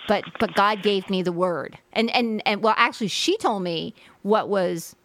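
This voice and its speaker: A woman's voice: mid-range voice, normal speed, fairly bright tone, no echo. A woman hosting a talk show interview, chatty and rambling, laughing as she shares her own stories. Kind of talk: casual interview chat.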